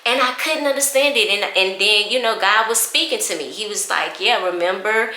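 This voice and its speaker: A woman's voice: mid-range voice, moderate pace, pushed and bright. A woman, telling an emotional story to her viewers in a casual chat. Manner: emotional, chatty, addresses viewers as y'all. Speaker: vlogger. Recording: echoey room.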